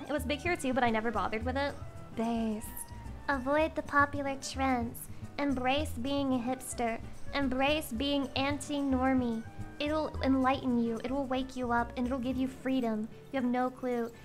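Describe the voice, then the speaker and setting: A young woman streamer chatting casually, excitable and crude. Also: high voice, normal speed, faint music behind. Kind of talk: casual chat.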